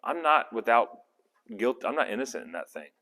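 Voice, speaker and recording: A man's voice: medium pitch, sing-song, a little fast, sharp tone. Rambling conversational man teaching in a hall. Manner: conversational, rambling, self-correcting. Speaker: Bible study teacher. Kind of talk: casual Bible study teaching. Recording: long hall reverb.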